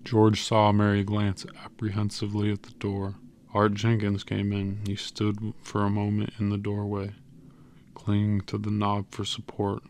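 A man narrating an audiobook in a measured, even way. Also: on the low side, a little hiss or hum. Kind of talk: scripted narration.

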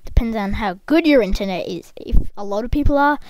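Brief: high, lively-voiced woman commentating a game at home, chatty and excitable, close desk mic. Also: brisk, dry recording. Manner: excitable, bursts into shrieking yells; chatty, talks straight to the viewers. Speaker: gameplay commentator. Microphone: desk microphone, close.

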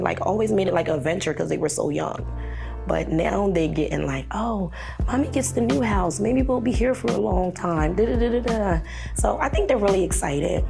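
Woman, documentary interviewee, upbeat and laughing, low-pitched, music underneath. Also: vocal fry. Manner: excited, laughs often. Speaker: program participant in a video.

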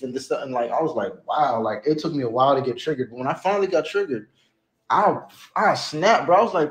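A man giving a rambling, emotional confessional rant, now and then rising into shouted outbursts. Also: fairly high pitch, fairly quick. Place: home, near a shower. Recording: echoey room.

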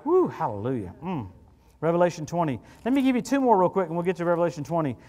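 A man preaching as a guest at a church service, telling stories in an animated, chatty way with quick asides to the congregation. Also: sits high. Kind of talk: storytelling sermon.

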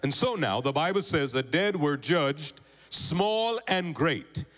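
A male pastor preaching a sermon, telling a story and calling on the congregation for amens, rising loud then dropping low. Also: animated, slow. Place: church sanctuary. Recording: church hall reverb.

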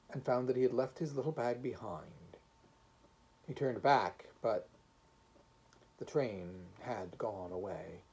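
Man narrating a story, expressive measured reading, mellow tone, husky voice, wide-ranging pitch. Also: rough recording. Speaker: reader. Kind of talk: audiobook narration of a short story.

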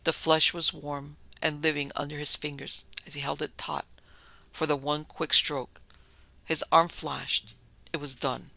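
A man narrating a classic horror story in a measured, dramatic storytelling manner. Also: fairly high pitch, flat delivery, vocal fry, sharp tone, dry recording. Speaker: podcast narrator.

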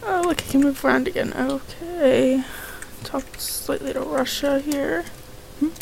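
High-voiced woman reading game dialogue. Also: fairly even intonation, measured pace, gravelly, slight background noise, low-quality recording. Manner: reads each character's lines in her own voice, reacts with exclamations. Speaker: let's play gamer.

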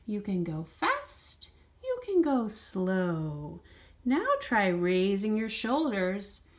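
With drawn-out words and a mid-range voice, a woman reads a picture book in a lively sing-song during a children's movement class. As the dance teacher, she keeps cheering the young dancers on with encouraging prompts.

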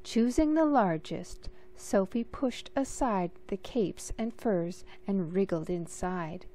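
A woman reading a picture book aloud in a gentle, measured storytelling manner. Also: medium pitch. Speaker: storybook reader.

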